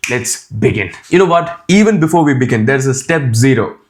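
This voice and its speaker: A man's voice: mid-range voice, moderate pace, a little hiss or hum. Brash young man with a blended accent. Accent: mixed Indian and Australian. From India. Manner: brash, cheeky and energetic. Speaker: accent coach. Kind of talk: direct-to-camera teaching vlog.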